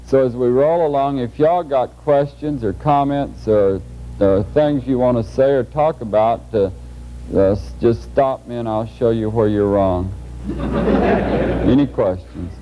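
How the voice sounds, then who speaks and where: A man's voice: medium pitch, measured pace, noisy background. A middle-aged man, giving a folksy, joking lecture to a large audience. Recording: muffled old 1981 videotape.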